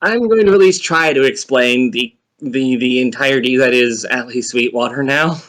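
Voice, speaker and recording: A man playing a tabletop game, describing his character's actions in a halting, hesitant way. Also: medium pitch, fairly bright tone. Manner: hesitant, halting, restarts often. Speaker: player. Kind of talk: casual tabletop play.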